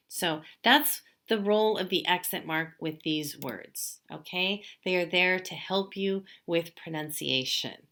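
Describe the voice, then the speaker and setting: A woman with a somewhat low voice teaches a vocabulary lesson. She explains patiently, step by step, checking in with her learners. She slows right down and stretches out each example word. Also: vocal fry, a bit bright. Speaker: Spanish teacher.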